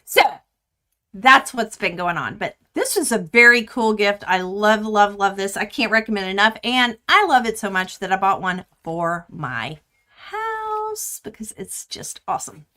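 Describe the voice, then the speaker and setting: A woman's voice: mid-range voice, big pitch swings, normal speed, sharp tone. A woman in her fifties hosting a quilting livestream from home, chatting casually and rambling with lots of fillers and restarts.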